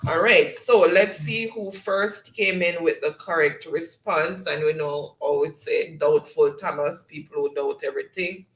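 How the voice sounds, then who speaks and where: A man's voice: on the high side, measured pace, few pauses, fairly bright tone, reverberant, rough recording. A man with a Jamaican accent hosting a casual live-stream quiz, reading chat messages aloud and laughing often.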